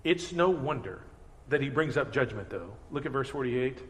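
A man preaching a sermon as pastor, earnest and animated, acting out everyday voices. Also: mid-range voice, moderate pace. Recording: reverberant hall.

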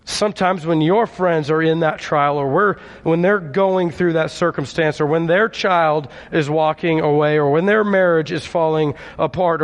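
A man's voice: on the high side, long reverb tail. A male pastor preaching a conversational sermon and calling on his congregation for responses. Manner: conversational, calls for audience response.

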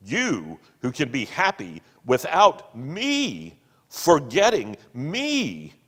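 Guy doing a self-pitying tragic ghost, loud and bitter, swooping all over, echoey hall. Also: mid-range voice, sing-song, slow, exaggerated voice. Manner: declaiming, bitter, loud, drawn out. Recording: long hall reverb.

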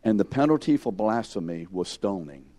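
A man's voice: on the low side, lively intonation, moderate pace, dark tone. A man teaching a Bible lesson to a class, questioning students by name and acting out the scene with emphasis. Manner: emphatic, acts out scenes in second person.

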